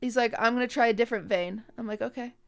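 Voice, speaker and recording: A woman's voice: fairly high pitch, fast, gravelly, no echo. A young woman streamer chatting casually with her viewers and acting out what people said. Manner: animated storytelling, acting out other people's lines.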